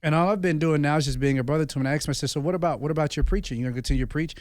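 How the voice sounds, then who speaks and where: A man's voice: on the high side, rapid-fire, darkish tone, no room sound. Earnest man, dry close sound. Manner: earnest, confessional storytelling peppered with "bro". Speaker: podcast host and former pastor. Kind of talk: candid conversation.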